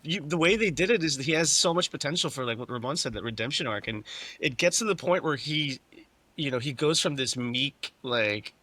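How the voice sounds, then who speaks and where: A man's voice: on the high side, expressive, brisk, bright, forceful tone, no echo. A man, a guest on a podcast, talking casually with many restarts. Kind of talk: casual chat.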